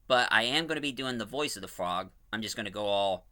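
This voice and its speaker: Give me a rambling, enthusiastic man previewing his fan audio drama, with a bright, slightly low voice. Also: lively intonation, fast talker. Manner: rambling, self-correcting, enthusiastic. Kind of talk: casual preview talk.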